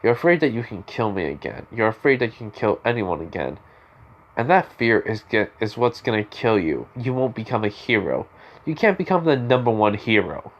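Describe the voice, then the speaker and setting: A man voicing a calm, blunt teenage boy hero in a spoken fan story, talking in a steady, challenging way close to his own voice. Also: fairly low pitch, moderate pace, lo-fi sound. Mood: stern.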